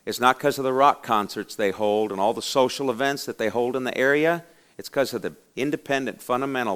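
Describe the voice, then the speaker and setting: A man preaching in a church, fiery and dramatic. He tells the story with acted-out voices and rises to loud bursts. His pitch sits in an ordinary middle range. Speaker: pastor. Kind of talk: sermon.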